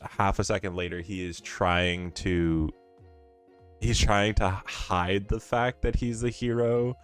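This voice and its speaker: A man's voice: fairly low pitch, steady tone, slow, smooth, soft background music. A man co-hosting a casual podcast, retelling an anime episode with laughs and quoted lines. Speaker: podcast co-host. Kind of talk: casual anime recap chat.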